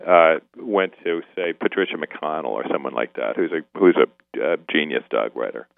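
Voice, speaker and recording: A man being interviewed as an author guest, talking in a halting, self-deprecating way over the phone. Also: very deep voice, lively intonation, gravelly, no room sound. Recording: tinny phone line.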